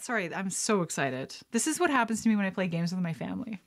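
Chatty excitable woman vlogger. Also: mid-range voice, fast talker, few pauses, slight background noise. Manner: chatty and excitable, squeals and laughs at right answers; reads questions aloud, mutters guesses to herself. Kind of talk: casual chat, playing a trivia card game.

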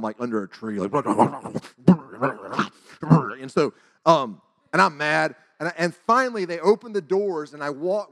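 A man in his forties tells a church testimony in a casual, animated way and acts out the dialogue. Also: a little high. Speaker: church speaker. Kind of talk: testimony storytelling.

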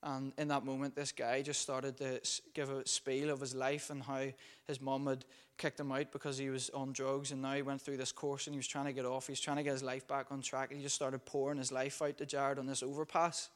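A man's voice: medium pitch, flat delivery, a little fast. A man preaching a sermon, telling a story in a conversational way with frequent fillers. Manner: conversational, many fillers while recounting a story.

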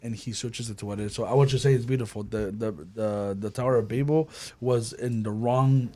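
Man, casual faith discussion host, animated, acts out quotes. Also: mid-range voice, brisk.

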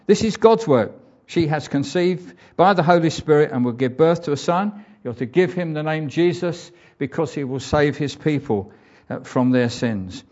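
A man's voice: on the high side, moderate pace, a little mellow. An older man preaching a conversational sermon, reading scripture aloud and reflecting on it. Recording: dull lo-fi church recording.

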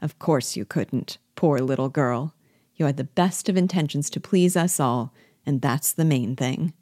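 A woman reading the part of a fond, patronizing husband in a play, in a calm, indulgent tone close to her own voice. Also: low-pitched, unhurried, dry recording.

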